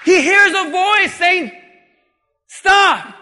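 A man preaches in an emphatic sermon style, often shouting and calling on the congregation to answer. His voice is high and piercing, and he delivers it slowly. The sound rings through a large reverberant hall. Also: animated. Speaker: pastor.

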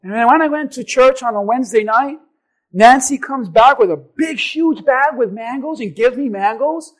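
A man, a pastor, preaching a sermon and telling a personal story with animated delivery that builds to forceful exhortation. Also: very high voice, normal speed, rough recording.

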